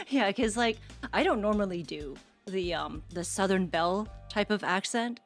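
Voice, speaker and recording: A woman's voice: medium pitch, animated, measured pace, faint music behind. A young woman streamer chatting casually, goofy and giggly, laughing at herself. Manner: giggly, goofy, self-mocking. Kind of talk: casual chat.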